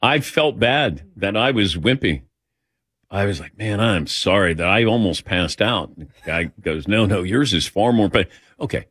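A man's voice: fairly low pitch, animated, moderate pace, fairly bright tone, breathy edge, no room sound, studio quality. A man hosting a sports talk show, telling anecdotes in a casual way and acting out the dialogue. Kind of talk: casual radio show storytelling. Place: radio studio. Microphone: studio microphone.

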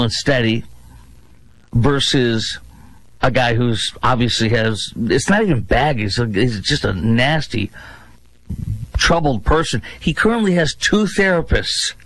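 A man filling in as a talk radio host, giving sarcastic, mocking political commentary with exaggerated swings in pitch. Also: a bit bright, low-quality recording.

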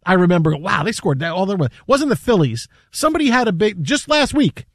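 A man's voice: high voice, big pitch swings, a little fast, dry recording, clean studio sound. A man co-hosting a sports radio show, talking casually and rambling with restarts and repeated words.

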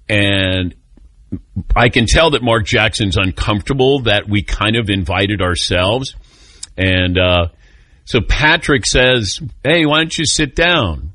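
A man's voice: deep voice, dry recording. A man hosting a sports call-in radio show, telling stories with a laugh and taking callers. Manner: storytelling, animated, laughs often.

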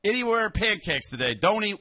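Animated wisecracking man. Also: high-pitched, a little fast. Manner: wisecracking, laughs often, animated. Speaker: sports talk co-host. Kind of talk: casual sports chat.

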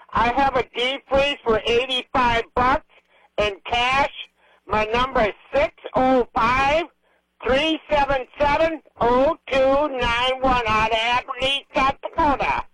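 High-pitched woman caller listing an item. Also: fairly even intonation, a little slow, fairly bright tone, no echo, rough recording. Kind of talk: phoned-in listing.

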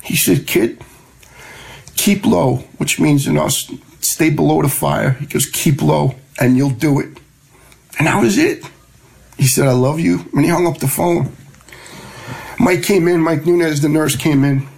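A middle-aged man, telling a personal story in a plain, conversational way and quoting others in lively voices. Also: fairly high pitch, normal speed, vocal fry, low-quality recording. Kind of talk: personal story told to a host.

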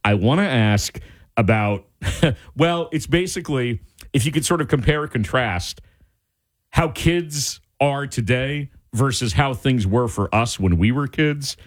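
A male radio talk show host giving his indignant opinions in an animated way. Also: medium pitch, a little slow. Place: radio studio.

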